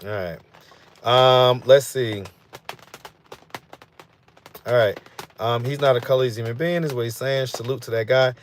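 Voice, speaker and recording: A man's voice: mid-range voice, measured pace, long pauses, a little hiss or hum. A man hosting a live stream, chatting casually and reading out viewer comments in a loose, rambling way. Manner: loose and rambling, full of fillers like "you know what I'm saying". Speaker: host of a street interview channel.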